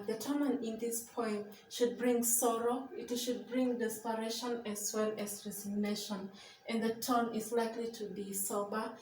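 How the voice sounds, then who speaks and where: A woman's voice: a little high, a little mellow, reverberant, distant mic, a little hiss or hum, rough recording. A woman teacher giving a poetry lesson, reading lines aloud and explaining them point by point. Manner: reads verse aloud, then explains each point slowly. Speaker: English teacher.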